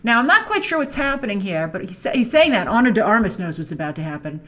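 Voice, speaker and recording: Her voice sits in the middle range and comes across fairly bright, very animated and quick. She's a film trailer reviewer and show host breaking down a trailer, chatting casually and playfully and tossing in plenty of asides as she thinks out loud.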